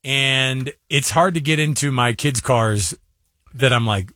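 A man's voice: mid-range voice, measured pace, bright, forceful tone, no room sound, studio quality. A middle-aged man co-hosting a casual chat, joking and teasing his co-host, with kids of his own. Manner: joking, interjecting, playful teasing.

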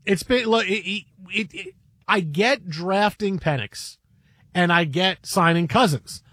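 A high-pitched man hosts a sports radio show, jumping into his points with animated energy. He stumbles and restarts as he gets going. The sound is dry and close, with no room around it. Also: unhurried, dry recording. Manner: animated, excitable, stammering restarts. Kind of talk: casual sports radio chat.

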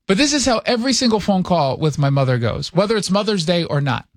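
A man's voice: high-pitched, very animated, quick pace, few pauses, dry recording, studio quality. A man from New York, a radio host, ranting sarcastically and with exasperation in casual on-air chat.

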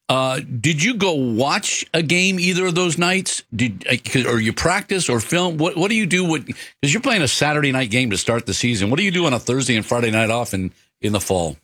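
A man's voice: fairly high pitch, pushed and bright, dry recording, studio quality. A man hosting a casual radio interview, rambling through his questions with stops and restarts. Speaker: radio show host.

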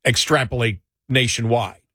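A man's voice: medium pitch, moderate pace, sharp tone, slightly rough, no echo, clean studio sound. A man hosting a casual political talk show, conversational and sometimes sarcastic, often correcting himself mid-sentence.

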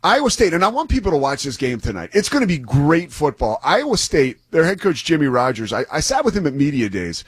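A man's voice: on the high side, wildly swooping pitch, fairly quick, hardly any pauses, slightly rough, no room sound, studio quality. A man who is a sports broadcaster, chatting enthusiastically and loosely about a football game with some restarts. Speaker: sports broadcaster and guest analyst. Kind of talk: casual sports talk.

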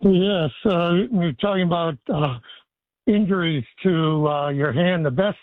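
A man calling in to a radio show, joking and halting with many fillers, heard over a tinny phone line. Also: on the high side, no room sound. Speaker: caller.

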